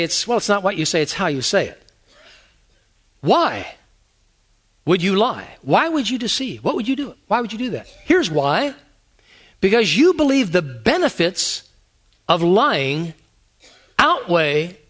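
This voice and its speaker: Man, pastor, sermon, rhetorical questions, high voice, very animated pitch. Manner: conversational preaching with rhetorical questions.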